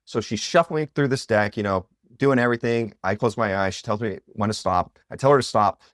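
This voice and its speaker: A man in his thirties tells personal stories as a podcast guest, in a lively, rambling way with fillers like "you know". His voice sits fairly low, and the sound is close and dry with almost no room echo. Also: brisk. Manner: animated, filler-heavy, with lots of "like" and "you know". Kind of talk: personal storytelling in conversation.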